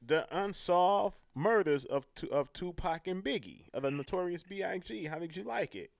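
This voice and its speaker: A man's voice: sits high, lively intonation, normal speed, creaky, dry recording, clean studio sound. A man hosting a live talk show, brash and profane, trash-talking and boasting. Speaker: host.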